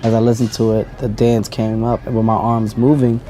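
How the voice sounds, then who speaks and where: A man on a talk show, speaking in a deadpan, mock-serious way about his own art. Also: fairly low pitch, brisk.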